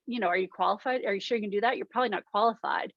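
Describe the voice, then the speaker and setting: A woman's voice: medium pitch, rapid-fire, no echo, lightly acted. A woman voicing a nagging inner-critic gremlin. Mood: doubting. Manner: needling, questioning. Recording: dull lo-fi dry sound.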